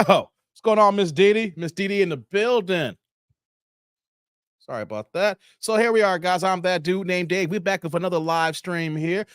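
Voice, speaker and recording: A man hosting a casual live stream, talking in loose slang, greeting viewers by name and getting animated as he riffs. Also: no room sound, clean studio sound. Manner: animated, jumps high in pitch when worked up.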